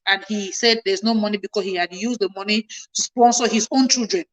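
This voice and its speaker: A woman's voice: medium pitch, fairly even intonation, a little fast, hardly any pauses, rough recording. A woman in her thirties telling a personal family story to her viewers, emphatic and passionate, her voice climbing when she gets indignant. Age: 30s. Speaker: livestream host.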